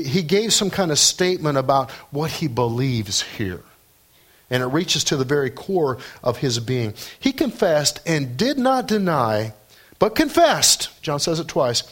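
A man's voice: fairly high pitch, a bit bright. A man preaching a sermon, emphatic and repetitive, building to fervent peaks.

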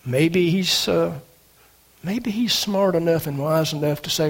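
A man preaching a sermon, animated, with dramatic swings in pitch and loudness. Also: a little slow, creaky.

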